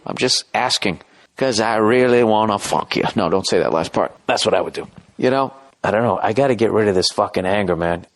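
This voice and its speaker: Middle-aged male podcast host, profane and self-deprecating, rambling comic rant. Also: mid-range voice. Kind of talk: rambling comedic podcast monologue.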